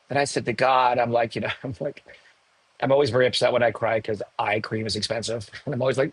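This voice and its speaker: A man in his sixties, a podcast guest, telling a personal story candidly, emotional and animated with self-mocking asides. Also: mid-range voice, fast talker, slightly rough, no room sound, rough recording. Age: 60s. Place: home in the hills above a large city.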